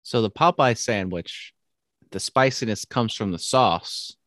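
A man's voice: fairly low pitch, measured pace, fairly bright tone, no echo, clean studio sound. A man co-hosting a podcast in casual banter, jokey and teasing. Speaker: podcast co-host.

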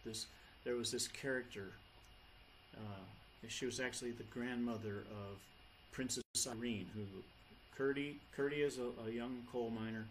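A man's voice: mid-range voice, fairly even intonation, moderate pace, slight background noise. A man who is a folk rock singer, chatting loosely between songs at a live show, with frequent restarts. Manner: loose, meandering, many restarts. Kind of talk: rambling stage chat between songs. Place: live venue with an audience. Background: acoustic guitar playing.

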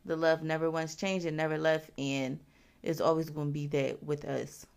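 A woman's voice: low-pitched, little pitch movement, moderate pace, creaky, a little mellow, smooth. A woman in her twenties hosting a podcast, talking candidly and casually about family, swearing freely and using many fillers. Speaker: podcast host. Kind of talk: personal reflective monologue.

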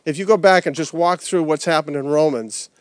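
A man's voice: on the high side, brisk, no room sound, studio quality. A man preaching a conversational sermon outdoors, with rhetorical questions and repeated phrases. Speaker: pastor. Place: outdoor service.

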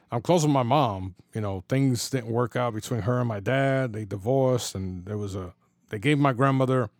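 A man's voice: mid-range voice, dry recording, studio quality. A middle-aged man telling a personal story in a loose, conversational way, full of slang and fillers, acting out the dialogue he quotes. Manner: loose and conversational, many "you know" fillers, slang and swearing.

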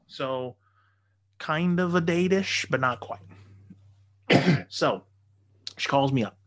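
A man's voice: fairly high pitch, slow pace, fairly bright tone. Crude, laughing storyteller man. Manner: profane, loose and laughing.

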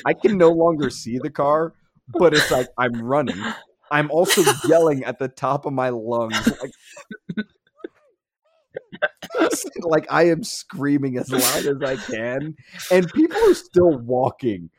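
Husky guy telling a story to his friends, laughing a lot, animated. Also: medium pitch, unhurried, no echo. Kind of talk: casual chat.

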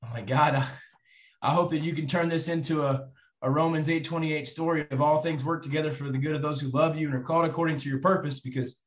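A man telling a personal faith story to an audience, animated and acting out the voices of people in it. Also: a little high, fast talker. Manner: animated, acts out quoted voices. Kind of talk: storytelling testimony. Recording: roomy echo.

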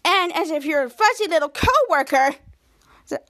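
A woman's voice: extremely high pitch, animated, moderate pace, fairly bright tone. A woman hosting a podcast, recapping a TV episode scene by scene and reading the quoted lines in a livelier voice, with frequent restarts. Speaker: podcast host.

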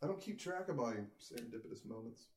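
A man's voice: medium pitch, expressive, fast talker, darkish tone, roomy sound, distant mic. A man co-hosting a podcast, chatting casually with wry questions. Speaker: podcast co-host. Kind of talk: casual chat.

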